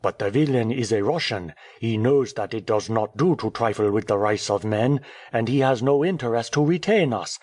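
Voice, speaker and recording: A man reading an audiobook, voicing a cheerful, talkative male French journalist who speaks in a brisk, airy, teasing way. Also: mid-range voice, animated, a little mellow, no room sound, clean studio sound, lightly acted. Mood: breezy.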